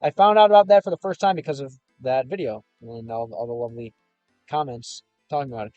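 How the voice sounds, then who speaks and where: A young gaming and language streamer from Chicago, United States, chats casually with viewers from his car, reading their comments in a loose, rambling way full of fillers. His mid-range voice is a little mellow and he talks fast. The audio is dull with no echo, and soft music plays in the background.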